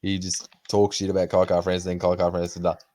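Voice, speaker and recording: Speaking quickly in a low voice, a young podcast host keeps the chat casual and loose. He swears constantly and brings his stories to life with put-on quotes.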